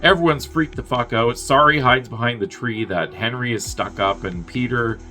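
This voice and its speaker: A man's voice: mid-range voice, moderate pace, pushed and bright, faint music behind. A man casually recapping a film's plot as a reviewer, rambling and profane, with chuckling asides. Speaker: movie reviewer.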